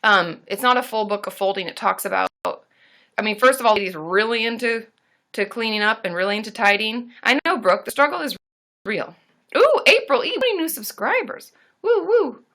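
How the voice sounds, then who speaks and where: Woman therapist, livestream host, bright forceful tone, bubbly and casual, cheers viewers. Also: fairly high pitch, animated, normal speed. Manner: bubbly, cheers viewers with squealed woo woos, swears casually.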